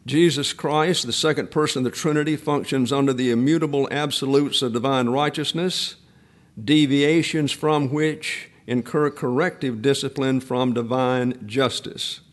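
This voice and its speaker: A man's voice: medium pitch, steady tone, moderate pace. A man in his eighties preaching a sermon, a pastor who drifts into folksy personal stories with frequent restarts. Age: 80s.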